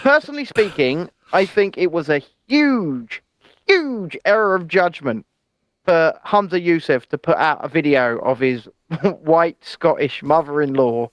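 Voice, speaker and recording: A male co-host with a high, lively voice, chatting casually about the news. He sounds opinionated and full of hedging asides. The sound is dry and close. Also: unhurried, no room sound.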